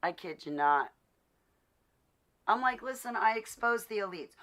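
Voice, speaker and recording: A vlogger talks straight to the camera in a casual, ranting monologue, emphatic and indignant. Her medium-pitched voice moves at a measured pace with lively intonation and frequent pauses, swinging from loud to quiet, with laughter between remarks.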